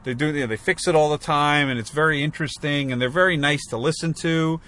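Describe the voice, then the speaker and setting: Man, casual podcast chat, rambling with fillers, fairly high voice. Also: fast talker, bright, forceful tone. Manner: rambling, full of fillers and restarts. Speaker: podcast co-host.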